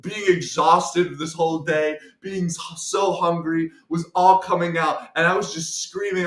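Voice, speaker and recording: A young man telling a personal story on a talk show. He acts out the other voices and swings from soft to shouting. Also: high-pitched, steady tone, normal speed, few pauses. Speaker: guest storyteller. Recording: echoey room.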